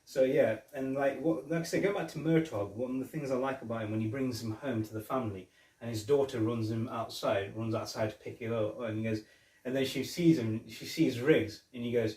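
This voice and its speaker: A man's voice: medium pitch, moderate pace, a little mellow. A man hosting a podcast, chatting casually about a film and retelling scenes with many restarts. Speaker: podcast host. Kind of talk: casual film review chat. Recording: roomy echo, distant mic.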